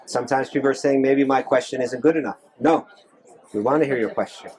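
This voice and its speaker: A man's voice: mid-range voice, a little fast, a little mellow, slight background noise. A man, a monk, answering audience questions in a temple hall, earnest, with many restarts and repeated phrases. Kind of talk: live Q&A talk.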